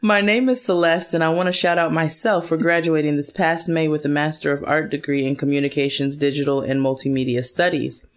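A woman's voice: low voice, fairly even intonation, a little fast, few pauses. A woman co-hosting a podcast in casual chat, upbeat and laughing as she reads listener messages aloud. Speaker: podcast co-host.

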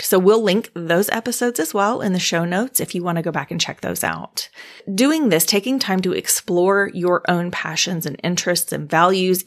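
A woman hosting a faith-based podcast, speaking gently and encouragingly to the listener, her mouth dry, pausing now and then to clear her throat. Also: on the low side. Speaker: podcast host.

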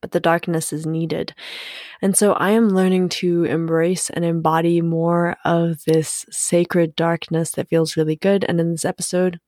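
A woman hosts her podcast alone, unhurried and musing, with a fairly low voice. She swears freely and laughs easily. The sound is dry and close, with no room around it. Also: darkish tone, no room sound. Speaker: podcast host. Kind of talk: casual solo podcast monologue.

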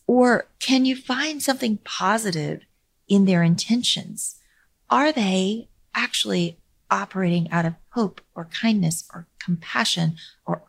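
Lowish voiced woman podcast host, calm and measured storytelling, goes almost whisper for emphasis. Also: gravelly. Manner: calm and measured, drops to near-whisper for emphasis, laughs lightly. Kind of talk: reflective storytelling monologue.

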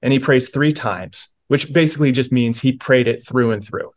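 A middle-aged pastor talks through his testimony with earnest warmth, often restarting a phrase as he thinks. His voice sits at an ordinary man's pitch. He speaks as a guest in a reflective conversation. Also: moderate pace. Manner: earnest, many small restarts.

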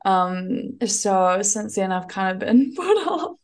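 A woman's voice: medium pitch, very animated, slow pace, darkish tone. A young woman with a New Zealand accent, chatting casually as a podcast guest, laughing easily and using plenty of fillers. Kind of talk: casual chat.

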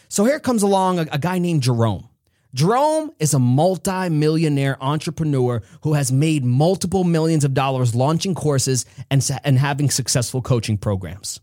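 A man's voice: fairly high pitch, animated, darkish tone, no room sound, clean studio sound. A man hosting a motivational podcast, telling stories with emphatic, shifting delivery. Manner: emphatic storytelling, speeds up and slows. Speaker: podcast host. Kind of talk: motivational monologue.

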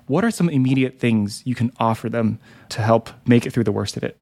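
A man hosting a podcast, asking a question in a careful, measured way. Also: mid-range voice, lively intonation, a little mellow, no echo. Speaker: podcast host. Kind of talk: interview question.

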